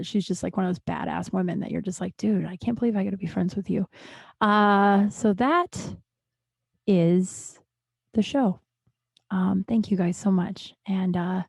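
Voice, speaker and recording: A woman in her thirties hosting a casual solo podcast from a small closet, rambling, swearing and bursting into excitement. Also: medium pitch, dry recording, clean studio sound. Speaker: podcast host.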